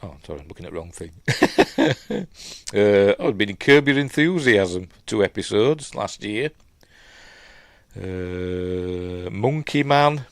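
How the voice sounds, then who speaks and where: A man's voice: lowish voice, dry recording, studio quality. A middle-aged man with a Yorkshire accent, casually recapping and reviewing a film in a rambling, chatty way full of fillers and asides.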